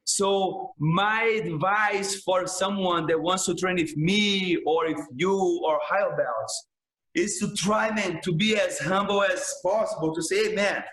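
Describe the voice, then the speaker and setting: Brazilian man, high voice, roomy echo. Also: a little slow, fairly bright tone. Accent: Brazilian Portuguese. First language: Portuguese. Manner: broken English, frequent restarts, emphatic "man". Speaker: jiu-jitsu instructor, podcast guest. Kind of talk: casual storytelling chat.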